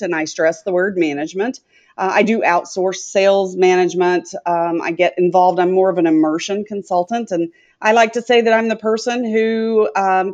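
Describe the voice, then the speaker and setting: A woman's voice: mid-range voice, darkish tone. A middle-aged woman from Tennessee, a guest talking chattily in an interview, rambling with many filler sounds. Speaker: guest, sales consultant. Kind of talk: conversational interview. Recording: dull lo-fi audio.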